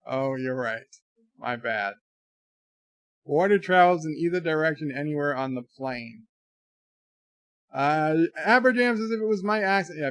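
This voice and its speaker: A man's voice: on the high side, no echo. Joking American man in a bedroom stream. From United States. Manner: joking, rambling, animated asides. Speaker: livestream host. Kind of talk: casual chat reading viewer comments.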